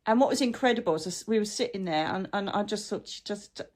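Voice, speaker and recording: A woman's voice: medium pitch, lively intonation, fairly quick, darkish tone. A woman, host of her own channel, chatting in a rambling, heartfelt way while living with a chronic illness. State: chronic illness, brain fog. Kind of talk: casual heartfelt vlog chat.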